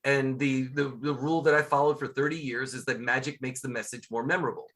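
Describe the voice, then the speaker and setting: A middle-aged man, a guest scuba instructor and magician, chatting casually in an interview and telling lively stories, acting out quotes as he goes. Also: medium pitch, quick pace. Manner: lively storyteller, acts out quotes.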